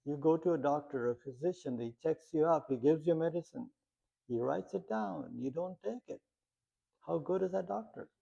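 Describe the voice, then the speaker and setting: With vocal fry and a dark tone, this man's slightly high voice moves at normal speed as he guides a meditation talk. He keeps things plain, often posing rhetorical questions and sharing brief stories, and the sound is muffled and lo-fi.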